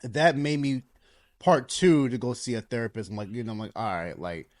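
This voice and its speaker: A man in his thirties co-hosting a podcast, talking casually and earnestly, getting animated as he tells stories. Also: medium pitch, a little fast, dry recording, studio quality. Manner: earnest, animated storytelling with rising emphasis. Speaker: podcast co-host. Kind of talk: casual chat.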